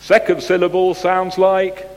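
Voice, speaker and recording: Pastor, male, conversational sermon with quiz questions, slightly higher voice, unhurried, church reverb. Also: completely flat delivery. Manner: conversational and gently humorous, asks the congregation questions. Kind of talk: sermon with picture-clue quiz.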